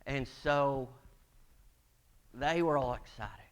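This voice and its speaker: A middle-aged man delivers a sermon in a church, spinning folksy stories and slipping into the voices of the people he describes. His voice sits a little high, with a gravelly rasp. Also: unhurried, a bit bright. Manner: folksy storytelling, acting out quoted voices. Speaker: preacher. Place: church sanctuary.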